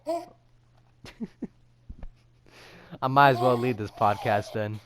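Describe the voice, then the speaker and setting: A man's voice: mid-range voice, huge pitch swings, slow pace, a bit bright, a little hiss or hum. A young man hosting a casual podcast, rambling and laughing often between thoughts. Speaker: podcast host. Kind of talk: casual podcast chat in a VR game.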